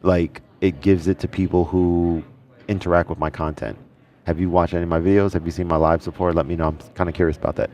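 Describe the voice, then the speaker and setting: A man hosting a casual music livestream, thinking out loud and chatting with viewers in the comments. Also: low-pitched, flat delivery, fast talker. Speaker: livestream host.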